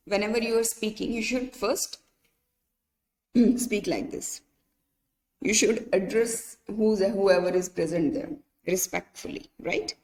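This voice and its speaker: A woman's voice: mid-range voice, a little slow, creaky, a little mellow. Indian woman teaching in an echoey hall. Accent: Indian English. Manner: patient, explains step by step, checks with "right?". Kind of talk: online English lesson.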